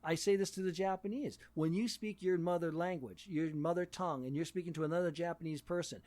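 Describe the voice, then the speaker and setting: Male English teacher, fairly high voice, drives points home in relaxed chat. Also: fast, few pauses, no room sound. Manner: emphatic, repeats points for stress. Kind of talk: casual conversation.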